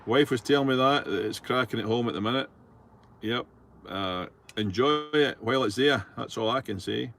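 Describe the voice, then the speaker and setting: A man's voice: medium pitch, moderate pace, creaky, fairly bright tone, slight background noise. A middle-aged man with a Scottish accent, driving his truck and chatting casually as he reads out viewer messages, rambling and easygoing with plenty of fillers. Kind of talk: casual chat while driving. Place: truck cab on the road.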